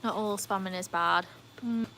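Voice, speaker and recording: A woman's voice: mid-range voice, steady tone, normal speed, sharp tone, a little hiss or hum, low-quality recording. A woman chatting casually on a live stream at home, reading out viewer comments. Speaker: livestream host. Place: home, beside a backyard pool.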